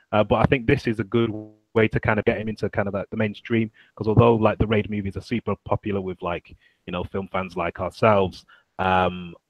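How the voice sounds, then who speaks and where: A man's voice: fairly low pitch, no echo, dull audio. A man co-hosting a podcast, chatting casually and animatedly about film trailers, swearing freely and mimicking lines. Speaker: podcast co-host.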